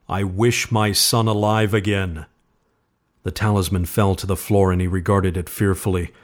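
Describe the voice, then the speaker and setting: A man narrating a horror story in a slow, measured, suspenseful reading. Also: low voice, a little mellow.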